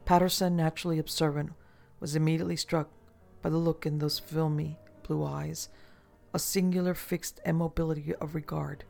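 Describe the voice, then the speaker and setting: A man narrating a novel in a measured, literary reading style. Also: on the high side, little pitch movement, vocal fry, darkish tone, faint music behind. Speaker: audiobook narrator. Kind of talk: scripted narration.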